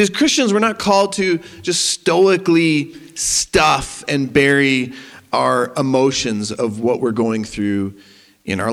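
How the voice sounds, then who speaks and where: A man preaching a sermon as pastor, animated and rising to emphasis. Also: a little high. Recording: long hall reverb.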